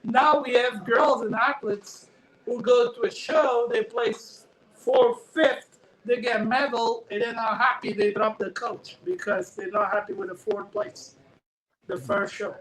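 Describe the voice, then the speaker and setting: A man with a very high, bright, ringing voice, speaking emphatic and earnest non-native English. He is a guest in a casual chat, talking through his phone. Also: steady tone, a little slow, a little hiss or hum, rough recording. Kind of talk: casual interview over a call.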